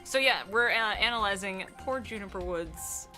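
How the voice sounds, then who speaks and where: A woman from the northern United States co-hosting a game stream, talking casually with quick, profane bursts and frequent laughter. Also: medium pitch, over music. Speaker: let's play streamer, co-host.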